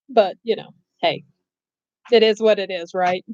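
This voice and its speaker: A woman's voice: mid-range voice, mellow, no echo, highs cut off. A middle-aged woman chatting casually on a live stream, blunt and rambling, laughing often and saying she has no filter. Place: bedroom at home.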